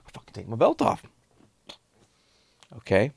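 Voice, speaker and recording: A man's voice: fairly low pitch, normal speed, vocal fry, husky, dry recording, studio quality. A man in casual chat, telling stories with a lot of swearing and laughter. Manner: swearing, animated storyteller with laughs.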